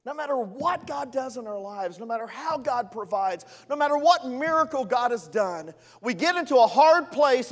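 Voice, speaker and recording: A man's voice: very high-pitched, big-room sound. A male executive pastor preaching a sermon in a playful, conversational way, with asides to the congregation.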